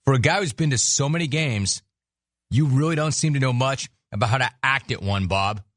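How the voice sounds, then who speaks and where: A man hosts a sports talk radio show, riffing sarcastically and mocking his subjects at a quick clip. His pitch sits in the middle of the range. The sound is dry and close to the mic. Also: no room sound. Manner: sarcastic, mocking, rapid riffs.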